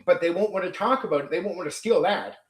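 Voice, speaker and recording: Aggrieved man ranting, raised pitch. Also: quick pace. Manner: aggrieved, repetitive, emphatic, swears; mimics rivals in sneering quoted voices. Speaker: channel host. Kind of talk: unscripted monologue rant.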